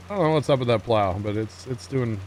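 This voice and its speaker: A man's voice: mid-range voice, darkish tone, a little hiss or hum. A man livestreaming a farming game, chatting casually with his viewers and often apologizing with a laugh. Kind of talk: casual gameplay commentary.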